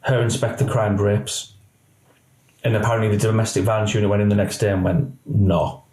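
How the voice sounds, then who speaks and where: A man's voice: fairly low pitch, fairly quick. Man telling his story, echoey room. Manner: animated storyteller, acts out quoted voices. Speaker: police officer guest. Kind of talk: candid podcast interview.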